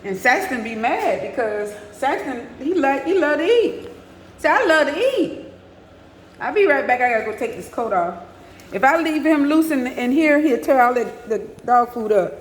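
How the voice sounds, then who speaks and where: High-pitched, unhurried woman doing a casual live chat while fussing over her dog on a phone, with a roomy echo. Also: sing-song. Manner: chatty, coos and fusses at her dog. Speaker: vlogger talking to her dog on a livestream. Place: outdoors in a yard. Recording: echoey with long reverb, faint noise.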